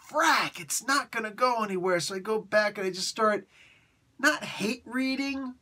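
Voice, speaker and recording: A woman's voice: medium pitch, fairly bright tone. A woman from Italy giving a casual, exasperated comic book review. She repeats herself and keeps tacking "man" onto her sentences.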